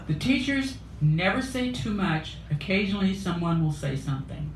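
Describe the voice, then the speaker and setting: A woman's voice: fairly low pitch, animated, moderate pace. A woman telling a wry, humorous story at a cafe open mic. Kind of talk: humorous spoken-word storytelling. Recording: roomy cafe room, faint noise.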